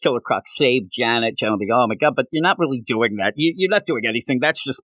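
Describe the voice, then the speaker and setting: A man co-hosting a casual comic book review chat, animated and quick to act out characters in little bits. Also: mid-range voice, no room sound.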